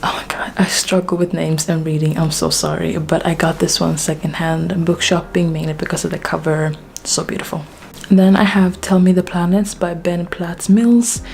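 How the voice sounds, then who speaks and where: A woman from Sweden talks casually through her bookshelf, chatty and self-deprecating, with a slightly low voice. She sounds a little out of breath. Faint room hiss sits behind her. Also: little pitch movement, moderate pace, gravelly, darkish tone. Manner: chatty and self-deprecating, frequent fillers and laughs. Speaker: book vlogger. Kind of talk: casual bookshelf tour vlog.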